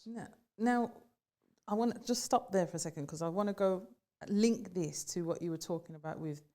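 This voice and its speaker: A woman hosting an interview, asking probing follow-up questions with soft murmurs of agreement. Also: fairly low pitch, normal speed. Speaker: interview host. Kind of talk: conversational interview.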